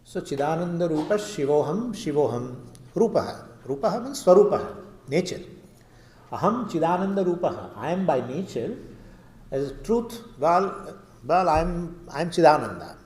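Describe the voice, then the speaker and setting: A man teaching scripture and explaining it in an earnest, emphatic way, pausing on fillers. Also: a little high, big pitch swings, a little mellow. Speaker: Vedanta teacher. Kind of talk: scripture lecture. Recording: roomy hall reverb.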